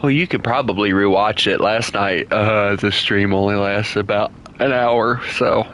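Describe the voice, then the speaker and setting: Male streamer, slightly low pitch, bright tone, chatty and teasing while he plays. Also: unhurried, slight background noise. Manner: chatty, teasing viewers, laughs often. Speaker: gaming streamer. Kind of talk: casual live-stream chat while playing.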